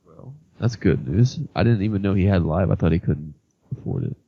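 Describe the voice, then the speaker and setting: A man's voice: sits low, expressive, fairly quick, creaky, breathy edge, dry recording. A man co-hosting a gaming podcast, chatting casually with a joking, rambling, self-deprecating manner. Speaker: podcast co-host. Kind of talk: casual chat. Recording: dull lo-fi podcast audio.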